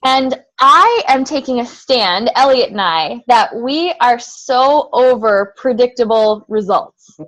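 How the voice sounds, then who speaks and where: Upbeat woman team leader, slightly high voice, rallies the group on a call with rhetorical questions. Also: animated, slow, a bit bright, low-quality recording.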